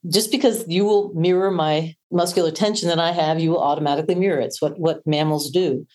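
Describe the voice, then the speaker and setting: Woman voice coach, lowish voice, calm explainer, shows tight vs deep breathing. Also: a little fast. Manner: explanatory, demonstrates tense and relaxed breathing. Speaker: voice coach guest. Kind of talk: podcast interview.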